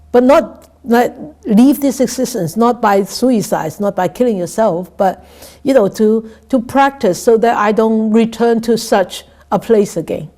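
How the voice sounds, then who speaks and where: Slow, mellow nun. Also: female voice, fairly high pitch. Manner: halting, repeats words, keeps asking "right?". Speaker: Buddhist nun teaching scripture. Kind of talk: dharma talk lesson.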